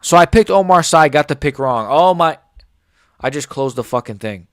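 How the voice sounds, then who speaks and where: A man's voice: fairly high pitch, lively intonation, moderate pace, dry recording, clean studio sound. A man in his forties giving a heated, sarcastic reaction rant full of swearing. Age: 40s. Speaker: MMA commentator.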